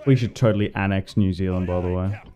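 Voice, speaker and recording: A man's voice: low voice, fairly even intonation, fast talker, warm tone. A man from Tasmania with an Australian accent, chatting casually to his live chat while playing a strategy game, rambling with lots of fillers. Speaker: gaming livestreamer.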